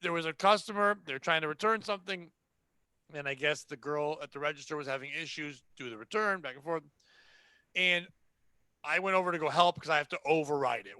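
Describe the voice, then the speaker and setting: A man with a high, bright voice tells a story from his retail job in a casual, blunt, sarcastic way. He acts out the customers and coworkers as he goes. The sound is dry, close and free of room echo. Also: clean tone. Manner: animated, acts out the people in his stories. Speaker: podcast host telling a retail story.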